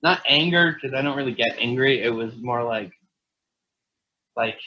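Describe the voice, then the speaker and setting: This mid-range male voice belongs to a podcast co-host who tells profane, laughter-filled stories in casual chat at a moderate pace. The sound quality is dull and lo-fi.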